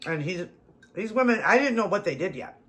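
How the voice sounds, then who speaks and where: A woman vlogger telling a personal story to her viewers in a casual, animated and emphatic way. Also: medium pitch, a little fast.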